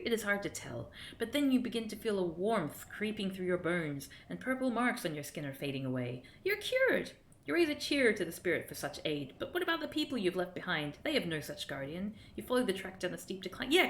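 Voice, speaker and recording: A woman's voice: medium pitch, sing-song, brisk, a little hiss or hum. A woman streamer reading a gamebook aloud with theatrical flair, often tripping over words and starting sentences again. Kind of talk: dramatic gamebook narration on a live stream.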